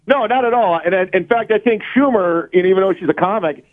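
A man's voice: high-pitched, fast talker. A man who is a comedian guest, calling in to a casual radio chat and talking in an easygoing way. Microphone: phone call. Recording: tinny phone line.

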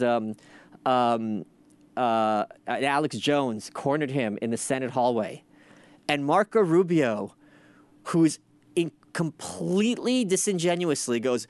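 Male podcast host, sardonic ranter, swears freely, slightly high voice, dry close mic. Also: no room sound. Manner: sardonic, profane, animated rants. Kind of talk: casual commentary.

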